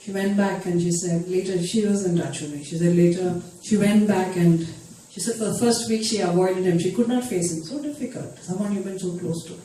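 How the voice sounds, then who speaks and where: Mellow-voiced preacher in an echoey hall. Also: medium pitch, brisk, far from the mic, slight background noise. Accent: Indian English. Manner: emphatic, swings between loud stresses and quiet asides. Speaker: youth ministry speaker. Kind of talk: sermon with personal storytelling. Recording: very echoey hall, speaker off-mic.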